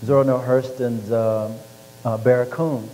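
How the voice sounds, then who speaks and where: A man telling stories from his life in an interview, lively and acting out the voices of people he quotes. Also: mid-range voice, moderate pace. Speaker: author and former football player. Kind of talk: storytelling interview. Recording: reverberant hall with faint hum.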